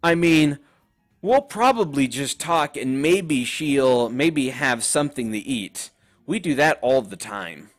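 Guy playing a down-home farm pony girl, folksy drawl, slow and easy. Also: mid-range voice, lively intonation, faint music behind. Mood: matter-of-fact. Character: plainspoken country farm pony woman. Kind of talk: reading game dialogue aloud.

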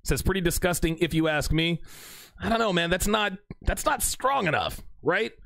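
A young man hosting a livestream, reading out chat messages with animated, joking banter and mock courtroom lines. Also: high-pitched, normal speed, creaky, no echo.

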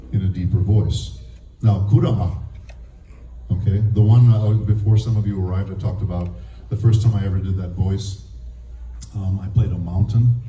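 A man who is a voice actor and speech teacher, giving a lively, demonstrative convention panel talk and laughing often. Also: low voice, slight background noise. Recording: echoey room heard from a distance.

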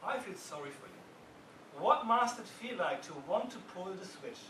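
A man reading out the lines of a calm, measured male juror who coolly taunts an angry opponent. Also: high voice, a little hiss or hum, heavily acted. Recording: roomy hall from far off.

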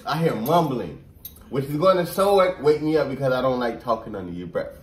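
A man's voice: mid-range voice, fairly quick. Man telling a story in an echoey room. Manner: animated, playful, acts out quotes. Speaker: vlog co-host. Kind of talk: casual storytelling chat. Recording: roomy echo, distant mic.

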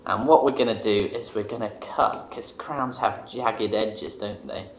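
Relaxed man leading a kids' craft. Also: on the low side, unhurried, reverberant, a little hiss or hum. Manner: relaxed, chatty, self-deprecating. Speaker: children's craft leader. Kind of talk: casual craft demonstration.

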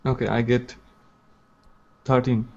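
A man speaking as a player in a tabletop game, hesitant and halting in his phrasing. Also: medium pitch, level tone, vocal fry, darkish tone, muffled recording, slight background noise. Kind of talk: casual tabletop play.

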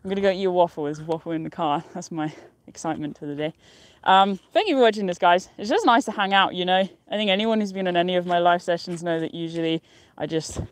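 A young woman streams live from a mountain summit, chatting loosely and cheerfully in a slightly low voice. She rambles from thought to thought and laughs often, recorded outdoors on a handheld phone. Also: quick pace, few pauses, no echo. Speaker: outdoor vlogger. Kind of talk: casual live-stream chat.

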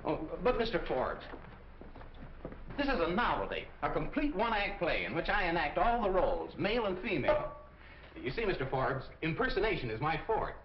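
A man's voice: fairly high pitch, big pitch swings, normal speed, a little hiss or hum. An actor playing an eager, theatrical radio performer pleading for his show, in 1940s film acting. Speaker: radio impersonator. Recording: echoey, dull old film soundtrack.

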